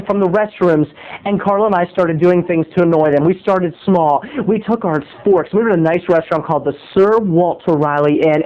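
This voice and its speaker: High-voiced man spinning a comic tale. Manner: theatrical, animated, keeps addressing listeners as "people". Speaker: host telling a comic story. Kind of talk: comic storytelling monologue. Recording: tinny phone-like line.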